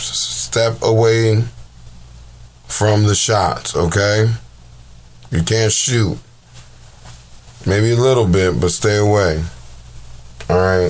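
Slow-talking low-voiced exasperated man. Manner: exasperated, profane, slang-heavy. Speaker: battle rap reaction commentator. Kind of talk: casual commentary.

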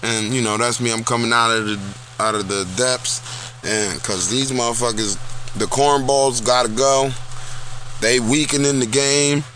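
A man's voice: medium pitch, steady tone, unhurried, a bit bright, a little hiss or hum. A man ranting bluntly and profanely to his camera, repeating himself for emphasis. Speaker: vlog host. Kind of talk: casual profane rant. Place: small town.

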